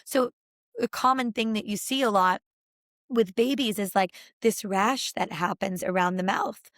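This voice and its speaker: A woman who is a podcast guest, explaining ideas in an animated, expressive conversational way. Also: medium pitch, a little slow, no echo, clean studio sound. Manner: animated and expressive, with gasps and laughs.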